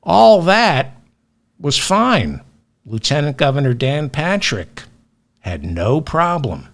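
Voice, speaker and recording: Sardonic man with slow, lively delivery. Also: fairly high pitch, vocal fry. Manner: sardonic, indignant, with long pauses. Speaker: political commentary host. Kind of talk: solo news commentary.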